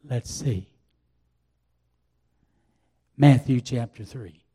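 An older man preaching a sermon, telling a personal testimony in a folksy, drawn-out way. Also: medium pitch, mellow, slightly rough. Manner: folksy storytelling, drawn-out pauses. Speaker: pastor.

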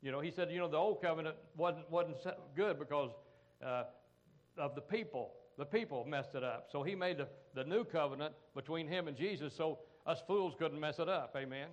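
A middle-aged American man preaching in a folksy, conversational way. His voice sits a little higher than most men's. He keeps breaking up his points with "amen" and "come on" asides to the congregation. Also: fairly quick, highs cut off. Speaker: pastor. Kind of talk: sermon.

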